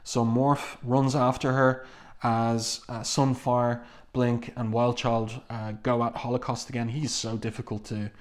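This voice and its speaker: A man reviewing a comic book page by page in a casual, measured way, often pausing to find his words. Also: medium pitch, little pitch movement.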